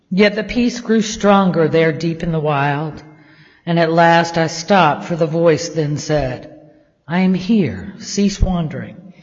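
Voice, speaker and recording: A man, a state legislator, slowly reciting a devotional poem as the opening prayer, gentle and measured, letting line ends fall to a hush. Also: a little high. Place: legislative chamber. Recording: dull, echoey chamber audio.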